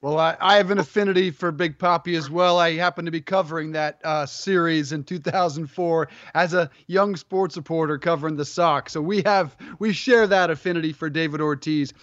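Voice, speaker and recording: A man's voice: a little high, fairly quick, few pauses, a bit bright, dry recording, lo-fi sound. A man hosting a sports talk show, introducing his guest and asking upbeat questions. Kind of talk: hosting an interview.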